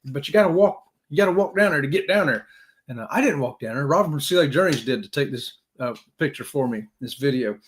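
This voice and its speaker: A man's voice: mid-range voice, expressive, fast. A man hosting a casual live-stream chat, jokey and talkative, greeting viewers by name.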